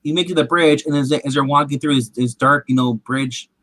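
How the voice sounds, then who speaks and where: A man hosting a casual show, retelling a TV episode in an animated, rambling way with restarts. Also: mid-range voice, fast talker, dry recording. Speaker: podcast host. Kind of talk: casual chat recapping a TV episode.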